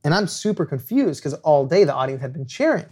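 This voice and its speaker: A young man, a podcast guest and author, telling an animated anecdote and acting out quoted lines. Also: a little high, brisk, slightly rough. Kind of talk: storytelling anecdote.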